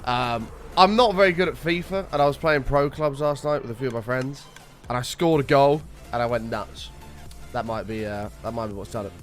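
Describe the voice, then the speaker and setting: A young man hosting a casual gaming live stream, greeting viewers by name and chatting with excitable bursts, his voice slightly rough. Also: medium pitch, brisk, faint music behind.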